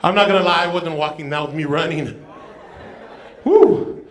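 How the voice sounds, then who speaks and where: High-voiced self-mocking stand-up comic. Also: male voice, moderate pace, fairly bright tone, a little hiss or hum. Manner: self-mocking, playful, punchy. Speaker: stand-up comedian. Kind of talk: stand-up comedy set. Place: comedy club stage. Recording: echoey club room.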